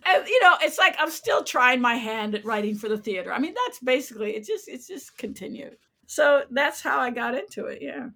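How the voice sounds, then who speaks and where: A woman in her sixties from the United States, a playwright telling animated stories in an interview and acting out voices as she goes. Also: fairly high pitch, brisk, creaky. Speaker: playwright guest. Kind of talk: interview storytelling.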